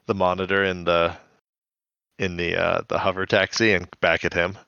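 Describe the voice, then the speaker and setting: A man's voice: low voice, flat delivery, gravelly, pushed and bright, clear, resonant tone, dry recording, highs cut off. A man co-hosting a podcast, casually recapping scenes in a chatty way. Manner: chatty, recounts scenes with quick quoted voices. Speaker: podcast co-host.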